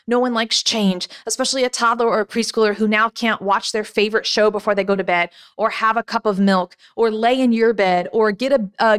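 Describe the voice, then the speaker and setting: A woman hosting a podcast as a sleep coach, animated and talking straight to parents. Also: a little high. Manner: animated, quotes parents in put-on voices. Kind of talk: podcast conversation.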